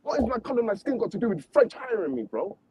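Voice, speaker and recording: A man's voice: high voice, wildly swooping pitch, fast, a crowd in the background, poor audio. A man on a panel stream, arguing heatedly and repeating himself. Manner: impassioned, repetitive, confrontational. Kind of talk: heated debate.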